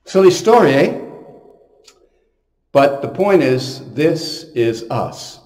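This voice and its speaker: Emphatic priest in an echoey room. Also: male voice, on the high side, sing-song, takes it slowly. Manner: storytelling, emphatic, with sudden loud bursts. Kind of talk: homily to camera.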